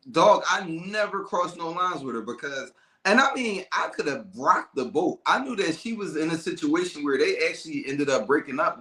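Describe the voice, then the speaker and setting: A man hosting a casual talk show, telling stories with lively acted-out dialogue. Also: fairly high pitch, roomy sound. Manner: animated storyteller, acts out calm and angry callers. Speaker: podcast host. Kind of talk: casual storytelling chat.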